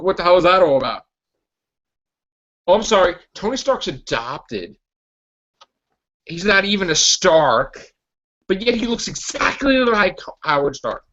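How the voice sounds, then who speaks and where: A man whose voice sits on the high side, with a fairly bright tone, hosts a podcast and rants animatedly about comics in a casual way. He laughs and stumbles over restarts, and the audio is lo-fi and muffled.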